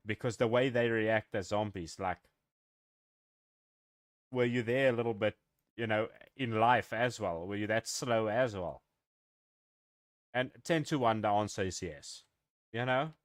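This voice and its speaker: Low-pitched man, rambling casual streamer banter, dry close sound. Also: measured pace, long pauses, no room sound. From South Africa. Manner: rambling, chatty with viewers, swears and chuckles. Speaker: game streamer. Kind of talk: casual live-stream chat.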